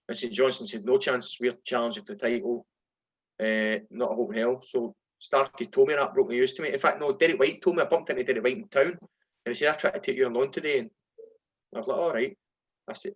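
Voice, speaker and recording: A middle-aged man with a Scottish accent tells dressing-room stories in a relaxed sit-down chat. He slips into other people's voices when he quotes them. The recording sounds slightly dull and lo-fi. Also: medium pitch. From Scotland. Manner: animated anecdotes, acts out voices in quotes. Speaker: former footballer, guest. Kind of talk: casual storytelling.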